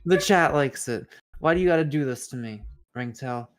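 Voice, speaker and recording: A man's voice: mid-range voice, moderate pace. A man joining a game stream, bantering in casual chat and acting hurt at being teased. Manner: joking, mock-offended.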